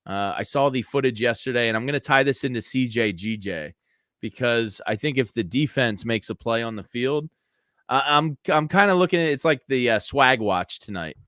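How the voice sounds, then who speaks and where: A man co-hosting a sports podcast, reading ads in a chatty, energetic way and talking football casually. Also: medium pitch, moderate pace, dry recording, studio quality. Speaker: podcast co-host. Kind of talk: casual sports chat with host-read ads.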